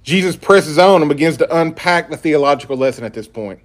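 A man's voice: a little high, lively intonation, fairly quick. A man preaching a sermon and reading scripture aloud in an emphatic style. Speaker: pastor.

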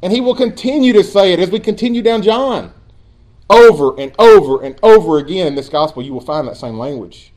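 A man preaching a sermon as pastor, earnest and emphatic, dropping at times into quiet asides. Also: sits high, animated, a little fast.

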